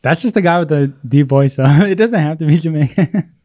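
A man's voice: a little high, brisk, a little mellow. A man co-hosting a loose, casual podcast. He jokes with his friends and laughs a lot as they trade silly voices. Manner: laughing, joking, trying out put-on accents. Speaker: podcast co-host. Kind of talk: casual chat among friends.

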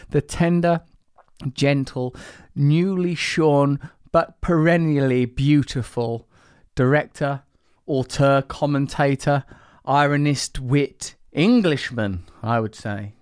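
A man's voice: medium pitch, unhurried, darkish tone, smooth, no echo, clean studio sound. A man hosting a podcast, talking in a playful, rambling way full of jokey asides. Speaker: podcast host. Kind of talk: casual chat.

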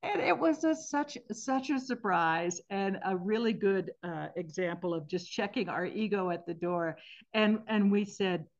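A woman in her sixties, a podcast guest, telling stories about singing at the end of life in a thoughtful, earnest way with gentle restarts. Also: medium pitch, measured pace. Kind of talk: reflective interview storytelling. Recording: slightly muffled podcast audio.

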